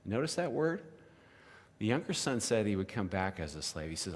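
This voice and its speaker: A man's voice: on the low side, big pitch swings, moderate pace. A man leading a conversational Bible lesson at a church, often tossing in "you know" and "right?" as he explains the story. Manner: casual, frequent "you know" and "right?" asides. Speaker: church teacher. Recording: long reverb of a large hall.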